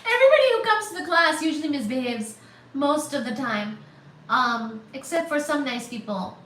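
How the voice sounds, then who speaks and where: Excitable woman livestreamer, roomy distant mic. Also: high voice, normal speed. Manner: bubbly, excitable, squealing thanks. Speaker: livestream host. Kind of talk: casual livestream chat reading super chats. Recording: roomy, distant, faint static hiss.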